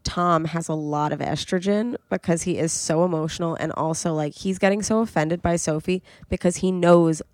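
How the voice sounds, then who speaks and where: A woman's voice: lowish voice, steady tone, moderate pace, few pauses, a little mellow, no room sound, studio quality. A young woman co-hosting a podcast, chatting casually about a reality show and quoting the cast in playful voices. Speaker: podcast co-host. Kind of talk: casual reality TV recap chat.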